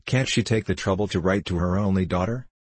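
A man reading the part of a sharp, proud young governess, speaking with cutting scorn. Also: low voice, brisk, breathy edge, dry recording. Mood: scornful. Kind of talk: audiobook reading.

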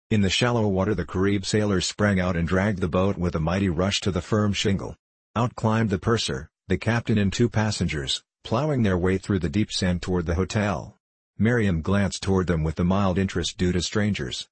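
A man reading a classic short story aloud in a measured, plain storytelling manner. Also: low-pitched, slightly rough, no room sound. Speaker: audiobook narrator.

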